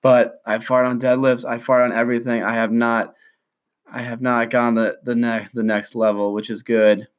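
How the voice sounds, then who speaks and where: A man's voice: medium pitch, little pitch movement, normal speed. A young man hosting a casual solo podcast, rambling in hyped surfer slang. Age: young adult. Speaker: podcast host.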